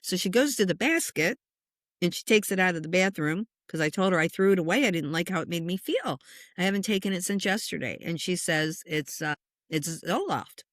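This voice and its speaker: A woman's voice: fairly low pitch, brisk, no echo, studio quality. Chatty woman in her sixties telling a story. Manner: animated storyteller who acts out quoted voices; chatty, with frequent "you know" and "like". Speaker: spiritual medium guest. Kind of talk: casual storytelling interview.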